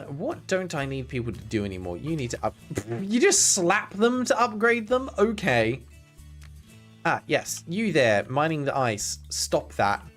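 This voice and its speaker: A man giving casual game-stream commentary in an excitable, jokey way. He chats with viewers as he plays. His voice sits at a middle pitch.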